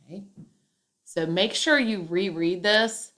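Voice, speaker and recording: A woman's voice: lowish voice, measured pace, pauses often, fairly bright tone. A woman teacher giving a classroom grammar lesson, explaining step by step and acting out example sentences with emphasis.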